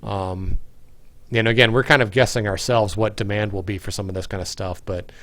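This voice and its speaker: A man's voice: fairly low pitch, fairly even intonation, brisk, fairly bright tone, no echo. A man hosting a casual livestream, answering viewer questions in a rambling way with many fillers and restarts, tired and yawning. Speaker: game developer hosting a livestream.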